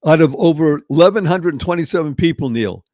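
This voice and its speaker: A male podcast host chatting casually, upbeat and quick to break in with asides. His voice sits a little high for a man. The sound is dry and close. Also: lively intonation, a little mellow, no echo.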